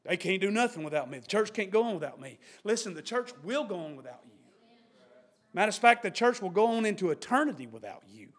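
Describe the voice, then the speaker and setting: A man preaching a sermon to his church, swinging between quiet asides and sudden shouts. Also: sits high, very animated, fast talker. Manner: preaching with sudden shouts and mocking quoted voices. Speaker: pastor.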